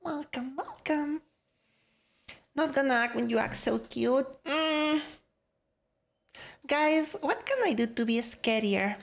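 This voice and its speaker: A woman's voice: fairly high pitch, a little slow, vocal fry. Playful young woman streamer. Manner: playful, greets chat by name. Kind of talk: casual live-stream chat.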